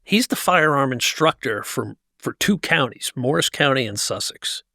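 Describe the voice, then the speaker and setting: A man's voice: medium pitch, lively intonation, moderate pace, pushed and bright, dry recording, clean studio sound. A man from New Jersey, a guest in an interview, telling a personal story in an intense, emphatic way with frequent restarts. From New Jersey, USA. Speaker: guest, motivational speaker. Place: tent set used for a podcast.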